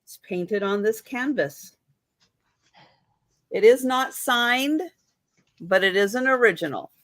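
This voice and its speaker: A woman's voice: fairly high pitch, lively intonation, a bit bright, no echo, low-quality recording. A woman on a live vintage sale describing a painting she is selling. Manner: slow, explaining and correcting pronunciation. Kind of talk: showing items on a live sale.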